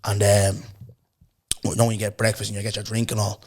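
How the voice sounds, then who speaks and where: A young Irish man hosting a podcast, telling a story in a casual chat, animated and laughing often as he acts out what people said. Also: lowish voice, fairly quick. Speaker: podcast host.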